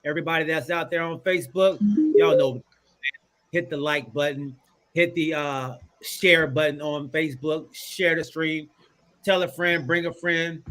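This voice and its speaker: A man hosting a casual podcast, greeting viewers with energetic shout-outs. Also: a little high, measured pace. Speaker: host.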